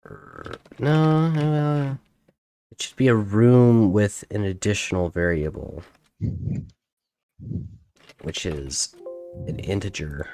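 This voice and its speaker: A man streaming while he writes code, thinking aloud in a halting, self-correcting way. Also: deep voice, gravelly, dark tone, faint music behind. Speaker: game developer streamer. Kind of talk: casual live coding chat.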